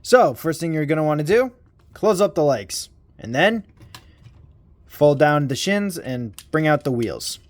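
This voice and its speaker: Male toy reviewer, slightly high voice, slow and rambling, self-deprecating, casual swearing. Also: very animated.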